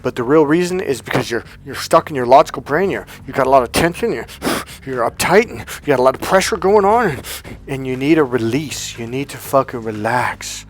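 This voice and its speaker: A man giving a blunt, profane, emphatic coaching talk as a love coach. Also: mid-range voice. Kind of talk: coaching monologue.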